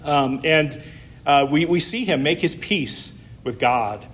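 Man preaching, conversational, slightly high voice, fillers and light laughs. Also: lively intonation, slow pace, a bit bright. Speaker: pastor. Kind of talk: sermon.

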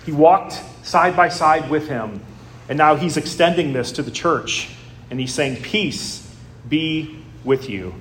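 A man's voice: fairly high pitch, a little slow, fairly bright tone, roomy sound, slight background noise. A man preaching a sermon as a pastor, in a conversational way with frequent "uh" fillers.

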